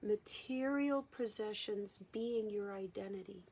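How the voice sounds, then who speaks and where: A woman channeling a gentle male spirit guide who counsels humanity, speaking in a slow, hushed, drawn-out way. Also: medium pitch, slightly rough. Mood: solemn. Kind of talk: spoken channeling.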